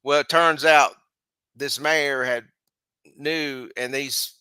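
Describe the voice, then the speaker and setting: Middle-aged man, host, bright voice, recounts a story with chuckles and restarts. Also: medium pitch, steady tone, slow pace, smooth, no echo. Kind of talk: casual storytelling, recounting a dream. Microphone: live stream mic.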